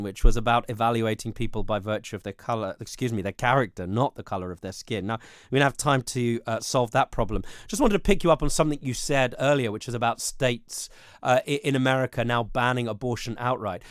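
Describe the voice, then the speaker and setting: A man hosting a political TV interview, asking long, measured questions with frequent hesitations and fillers. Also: mid-range voice, clear, resonant tone, no echo, clean studio sound. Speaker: TV host.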